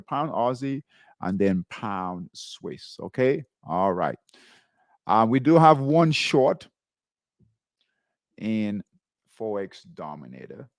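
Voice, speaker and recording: A man's voice: lowish voice, gravelly, no echo, clean studio sound. A man hosting a live trading show, talking viewers through charts and checking in with "right?" and "okay?". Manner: repeats tags like "right?" and "okay?" while pointing at charts.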